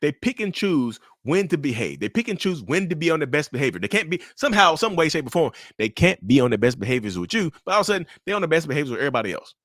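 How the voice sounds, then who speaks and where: A man giving blunt, animated commentary to camera about relationships. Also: on the high side, rapid-fire, few pauses, dry recording, clean studio sound.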